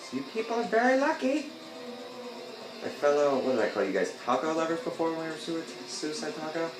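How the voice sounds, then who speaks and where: A man rambling and joking through casual gameplay commentary, breaking into loud outbursts now and then. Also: fairly high pitch, very animated, a little fast. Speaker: gameplay video host. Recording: echoey room with game music behind.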